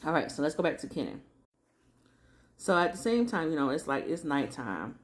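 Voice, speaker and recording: A woman's voice: sits low, sing-song, moderate pace. A woman chatting through a casual, slangy recap of a TV drama episode. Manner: chatty slangy storytelling, acts out characters.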